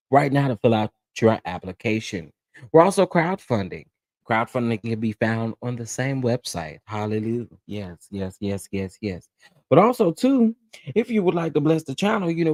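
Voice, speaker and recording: A man hosting a casual live-stream chat, talking in drawn-out exclamations and swooping up high in mock outrage. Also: a little mellow, no echo, clean studio sound.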